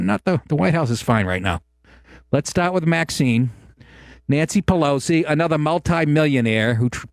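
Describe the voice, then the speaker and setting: A man's voice: a little high, no room sound, clean studio sound. A middle-aged man hosting a talk show, ranting in a profane, sarcastic and exasperated way. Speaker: host.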